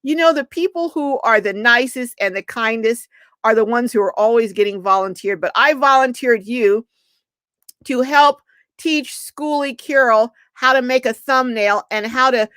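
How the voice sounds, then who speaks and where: An older woman hosting a casual live stream, chatting warmly and reading out viewers' comments and greetings. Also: on the high side, moderate pace, no echo.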